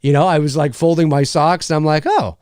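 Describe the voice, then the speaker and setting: Dude chatting on his livestream, reading comments, joking around, kinda high voice. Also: little pitch movement, fast talker, a little mellow, smooth, no room sound, studio quality. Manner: rambling, joking, lots of fillers. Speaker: livestream host. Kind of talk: casual live chat reading comments. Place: home studio.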